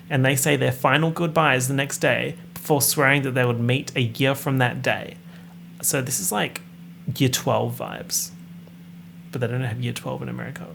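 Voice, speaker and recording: Wry gravelly-voiced man. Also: medium pitch, fairly bright tone, slight background noise. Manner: sarcastic, wry asides while reading a plot summary. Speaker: podcast host. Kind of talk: casual podcast recap.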